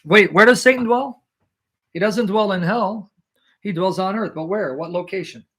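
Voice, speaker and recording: Casting: male apologist, fairly high pitch, forceful, lecturing, full of rhetorical questions. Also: normal speed. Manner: emphatic, rhetorical questions, clears throat. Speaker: Christian apologist guest. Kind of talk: animated theological argument.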